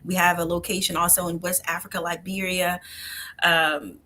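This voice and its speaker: A woman's voice: fairly low pitch, little pitch movement, moderate pace, pushed and bright, a little hiss or hum. A woman guest on a podcast, earnestly telling her personal story and sometimes dropping to a near whisper. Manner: earnest and heartfelt, drops to a near whisper at tender moments. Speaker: guest, nonprofit founder.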